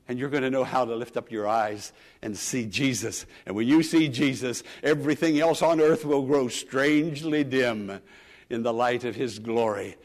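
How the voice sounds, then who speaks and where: A male pastor preaching earnestly to a congregation. He repeats his phrases and moves between loud emphasis and soft asides. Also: medium pitch, normal speed. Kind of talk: sermon. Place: church sanctuary. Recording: long church reverb.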